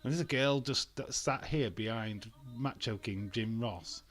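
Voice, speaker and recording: A man's voice: medium pitch, measured pace, fairly bright tone. A man giving casual, blunt commentary as he watches along with an old wrestling event, ranting and swearing freely.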